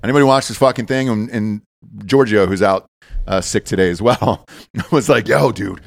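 A man hosting a podcast in casual chat, profane and excitable. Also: lowish voice, dry recording, studio quality. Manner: fast, profane, excitable storyteller. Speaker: podcast host.

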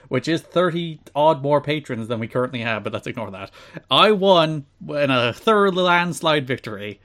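A man's voice: fairly high pitch, a bit bright. A man hosting a podcast in casual chat, boastful and teasing his co-host.

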